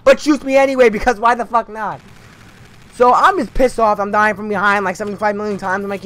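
A young man giving casual, sarcastic commentary over his own gameplay, swearing freely and breaking into animated outbursts. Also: high voice, brisk. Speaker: gaming commentator.

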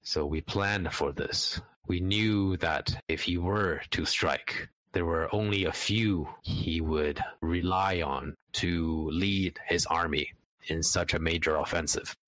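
A man voicing a captive assassin, resigned and bitter, speaking slowly and gravely. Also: low-pitched, fairly bright tone, no room sound, low-quality recording.

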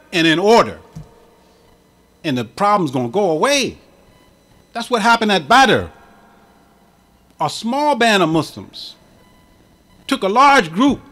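A man's voice: high voice, a bit bright. A man preaching a sermon as imam, with an impassioned cadence that swells and drops. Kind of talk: Friday sermon.

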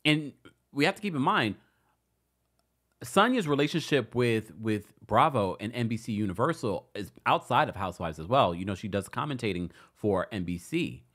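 A man's voice: medium pitch, moderate pace. A man hosting a celebrity gossip show, chatting casually with playful shade. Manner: chatty, animated, playfully shady. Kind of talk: casual commentary.

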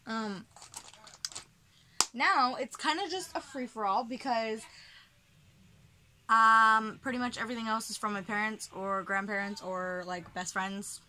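Young woman rambling thru a haul vlog, bright voice, lots of ums, faint hiss behind. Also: fairly high pitch, measured pace, long pauses. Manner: chatty, filler-heavy, drops to soft near-whisper when touched. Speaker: vlogger. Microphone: camera mic, handheld.

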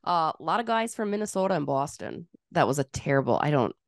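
Lady podcast host talking hockey, lowish voice, teasing and opinionated, dry close sound. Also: sing-song, quick pace, no room sound. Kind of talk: casual sports chat.

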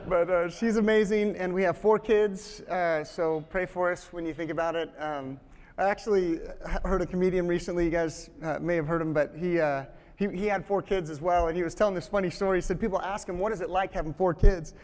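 A man's voice: high-pitched, fairly even intonation, a little fast, a little mellow, big-room sound. A man in his forties giving a sermon as guest speaker, opening with humorous family stories and often restarting his sentences. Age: 40s. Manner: joking, storytelling, frequent restarts.

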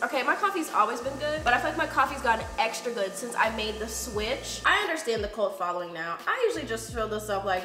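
A young woman in her twenties chatting casually to camera in a home vlog, playful and animated. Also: on the high side. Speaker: content creator. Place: home rooms, indoors. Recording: echoey room.

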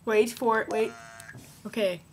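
A woman's voice: on the high side, steady tone, measured pace, slight background noise. A woman rambling playfully in a casual video diary, giggling often. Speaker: vlogger.

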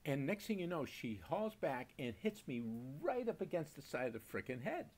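A man's voice: on the high side, big pitch swings, moderate pace, a little mellow. An older man from Maine hosting a home beer review, rambling through stories with mild swearing and frequent laughs. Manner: rambling storyteller, swears mildly, laughs often. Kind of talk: casual rambling monologue.

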